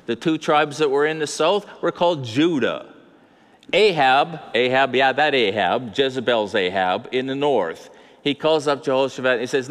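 A man's voice: mid-range voice, expressive, moderate pace, fairly bright tone. Older male pastor in a reverberant hall. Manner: conversational preaching with asides and rhetorical questions. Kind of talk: sermon.

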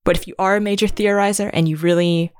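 A woman co-hosting a casual podcast, calm and measured, speaking directly to listeners. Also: medium pitch, clear, resonant tone, dry recording, clean studio sound. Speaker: podcast co-host.

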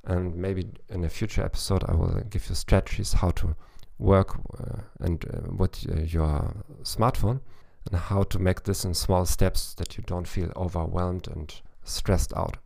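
Gravelly low-voiced man giving advice. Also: fairly even intonation, measured pace, hardly any pauses, mellow. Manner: thoughtful, with frequent restarts and fillers. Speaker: language coach podcast host. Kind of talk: solo advice podcast.

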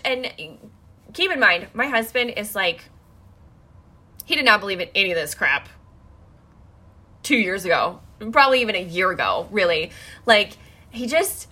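Bright-voiced woman telling a personal story. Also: medium pitch, sing-song, normal speed, pauses often. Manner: emotional, rambling, many "like" fillers.

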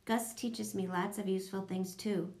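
A woman narrating a children's audiobook, telling it in a lively storytelling manner. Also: moderate pace. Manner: lively storytelling, voicing children in higher tones.

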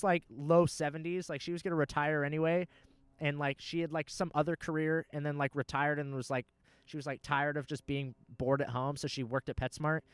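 A man's voice: fairly high pitch, smooth, no room sound. A young man telling rambling, profane stories in casual chat. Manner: animated, profane storyteller.

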